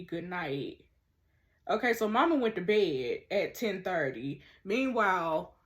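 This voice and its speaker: A woman chatting with viewers as she plays a mystery game, reading clues and messages aloud. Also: on the low side. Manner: chatty, talks to viewers, reads texts aloud. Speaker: gamer playing a mystery game. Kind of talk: casual let's-play commentary.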